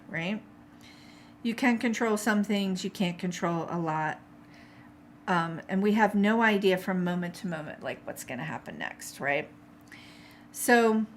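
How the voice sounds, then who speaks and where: A woman's voice: mid-range voice, a bit bright, slight background noise. A middle-aged woman teaching a live watercolor paint-along, chatty and encouraging, reading out viewer comments as she paints. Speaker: art instructor.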